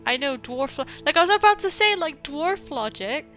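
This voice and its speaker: A woman's voice: high voice, animated, normal speed, a bit bright, faint music behind. A European woman streaming a game, chatting casually, laughing often and reading chat aloud.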